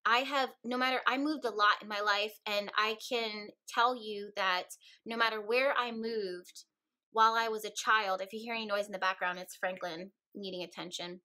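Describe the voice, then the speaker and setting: A young woman with a bright, clear voice talks to her viewers in a relaxed, earnest way. She is chatty and personal and keeps addressing her audience directly, at a middle pitch. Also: moderate pace, low-quality recording. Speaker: vlogger and witchcraft shop owner. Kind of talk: casual talk to camera.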